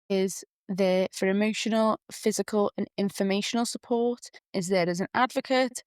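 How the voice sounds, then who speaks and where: Young Liverpool woman, podcast host, chatty and frank, crisp tone. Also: medium pitch, dry recording, clean studio sound. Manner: chatty, candid, quotes people in lively voices. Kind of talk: casual chat.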